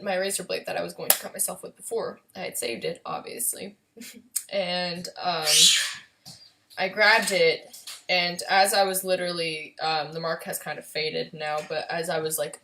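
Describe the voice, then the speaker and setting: A young woman telling a painful personal story in a vlog, halting and emotional, with many pauses and fillers. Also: fairly low pitch, a bit bright. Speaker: vlogger.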